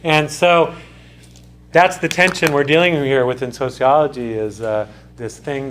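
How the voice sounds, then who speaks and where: A man's voice: medium pitch, fairly even intonation, unhurried, fairly bright tone, slight background noise. A man giving a conversational classroom lecture as a sociology lecturer, talking in restarts and asides to his students. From United States.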